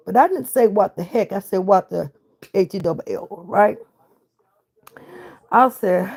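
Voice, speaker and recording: A woman's voice: mid-range voice, animated, unhurried, creaky, darkish tone, breathy edge. A middle-aged woman, telling her own story of loss with emotion and reenacted dialogue. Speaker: grieving mother. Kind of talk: personal storytelling.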